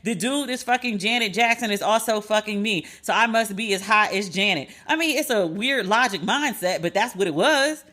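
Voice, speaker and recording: A woman's voice: mid-range voice, animated, moderate pace, hardly any pauses, pushed and bright. A woman hosting a podcast, ranting in a sassy, emphatic, profane way and repeating lines for punch. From United States. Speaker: podcast host. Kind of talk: casual commentary rant.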